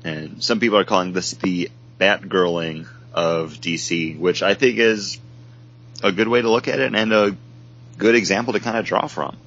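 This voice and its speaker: A man's voice: sits low, moderate pace, a bit bright, muffled recording. A man co-hosting a podcast in casual chat, making dry wisecracks. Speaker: podcast co-host.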